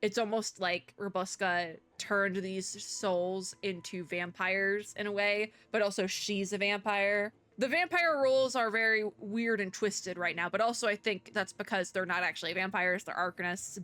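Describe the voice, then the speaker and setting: With a clear, resonant, mid-range voice that's a bit bright, this young woman talks at normal speed with few pauses. She records casual playthrough commentary indoors at home, reading the game's story aloud, reflecting on it, and filling her chat with filler words.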